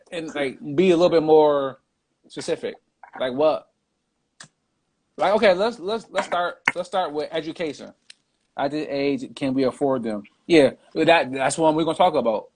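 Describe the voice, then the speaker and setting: A man's voice: fairly high pitch, normal speed, a little hiss or hum. A man hosting a casual podcast chat, reading out viewer comments in a laid-back way. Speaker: podcast host.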